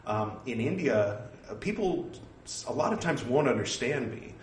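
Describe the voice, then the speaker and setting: A man's voice: medium pitch, lively intonation, moderate pace, roomy sound, distant mic, a little hiss or hum. A man with a Californian American accent, talking in a rambling, jokey, self-deprecating way as host of a reading series. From California, United States. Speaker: host reading a religious text. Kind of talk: casual spoken aside.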